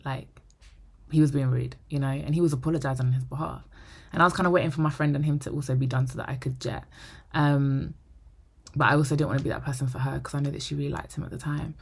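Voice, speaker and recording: A young woman vlogger telling a personal story to camera, animated and acting out the dialogue. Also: low voice, fast, vocal fry, slightly rough. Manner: animated, acts out quoted dialogue; drops to a whisper for inner thoughts. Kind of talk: storytime monologue.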